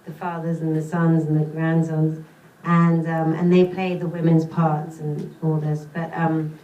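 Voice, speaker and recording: A woman's voice: low voice, flat delivery, unhurried, warm tone, muffled recording. A woman with a British accent, an actress answering questions at a screening Q&A in a chatty, self-deprecating way. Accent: British English. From Britain. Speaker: actress and panel guest. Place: cinema theater, audience present. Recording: echoey theater, far from mic, faint hiss.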